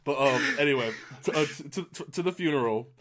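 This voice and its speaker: A man talking in a casual podcast chat, mid-pitched and rambling. He gets excitable and keeps restarting his sentences. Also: fairly quick, crowd noise. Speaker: podcast host.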